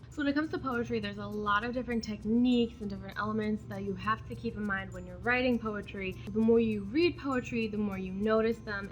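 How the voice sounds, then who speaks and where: A young woman hosting a casual educational video, chatting through poetic terms and reading out examples. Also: mid-range voice. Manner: chatty, explains terms then reads examples aloud. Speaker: poetry video host.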